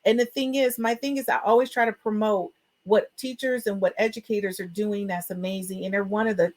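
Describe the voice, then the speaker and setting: Speaking at a medium pitch and a fairly quick pace, a woman hosts an education podcast. She's chatty and upbeat, expressive and emotional, and drops in fillers frequently as she talks casually.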